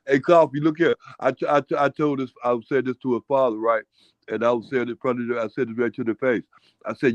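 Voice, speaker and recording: A man in casual chat who keeps cutting in to tell animated stories. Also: medium pitch, brisk, dry recording. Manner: animated, interjecting storyteller. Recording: dry muffled lo-fi recording.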